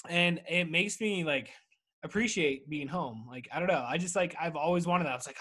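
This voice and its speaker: Male podcast host, thirties, slightly high voice, laid-back profane rambler. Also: brisk, sharp tone. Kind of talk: casual solo podcast monologue. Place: at home.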